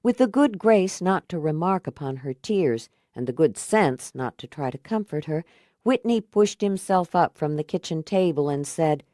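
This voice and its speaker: Female audiobook narrator, horror; low, dry, measured. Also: animated, dark tone, no echo.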